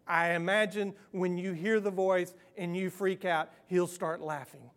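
A man preaching a sermon as pastor, earnest and personal, moving between loud emphasis and hushed, almost whispered passages. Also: high-pitched, a little slow, hardly any pauses.

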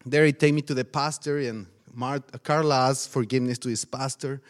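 A man, a pastor and missionary, telling a testimony story in animated, non-native English, laughing often along the way. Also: mid-range voice, brisk.

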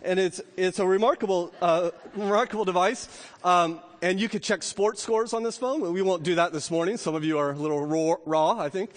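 Male pastor, middle-aged, high voice, sermon with dramatic rises and soft asides, echoing church hall. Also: a little fast. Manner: rising to emphatic peaks, then dropping to quiet asides. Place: church sanctuary. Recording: long reverb of a church hall.

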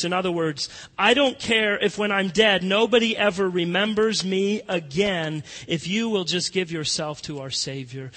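Male pastor, sermon delivery, high and bright, emphatic swings between hush and force, long hall reverb. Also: moderate pace, few pauses. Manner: emphatic preaching, swinging between hushed and loud.

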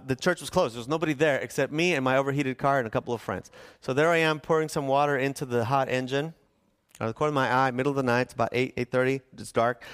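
A man from Southern California, a pastor preaching a sermon and telling a story with lively, shifting pace. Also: medium pitch, smooth. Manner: animated storytelling, shifts between fast and slow.

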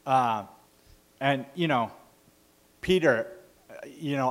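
Male pastor, mid-pitch, casual conversational sermon delivery with fillers. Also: expressive, slow pace, a bit bright. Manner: conversational, self-correcting with fillers.

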